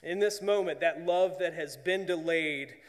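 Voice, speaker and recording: Slow, earnest preacher in a reverberant hall. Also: male voice, on the high side. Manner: earnest, drops to a hushed voice for emphasis. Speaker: pastor. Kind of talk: sermon.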